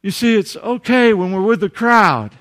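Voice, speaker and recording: A man with a Southern US accent preaching a sermon as pastor, swinging from loud emphatic rises to quiet asides. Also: sits high, moderate pace.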